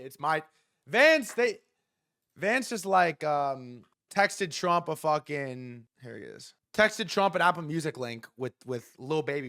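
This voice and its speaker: A man's voice: fairly high pitch, unhurried, no room sound, clean studio sound. A young man hosting a livestream, ranting casually and profanely while acting out what others said. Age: young adult. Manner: animated, profane, acts out quoted figures. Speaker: livestream host. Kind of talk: casual commentary rant.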